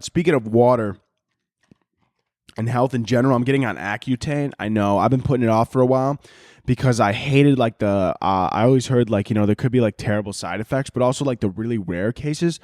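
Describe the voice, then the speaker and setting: A man's voice: lowish voice, a little fast, a little mellow, no echo, clean studio sound. A man in his twenties hosting a casual solo podcast, rambling and swearing, with a lot of filler words, and laughing at his own jokes. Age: 20s. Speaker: podcast host.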